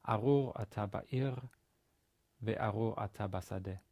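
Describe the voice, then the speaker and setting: Low, mellow-voiced male lecturer. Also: measured pace, gravelly. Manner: methodical, reads Hebrew then translates and explains. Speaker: university lecturer. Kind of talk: Biblical Hebrew grammar lesson.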